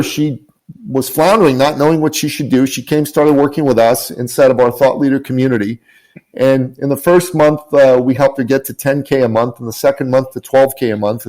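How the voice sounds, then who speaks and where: A man's voice: medium pitch, darkish tone, rough recording. Earnest emphatic man telling a story. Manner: earnest, emphatic, repeats phrases. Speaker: guest, business coach. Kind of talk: podcast interview storytelling. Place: lives in Canada.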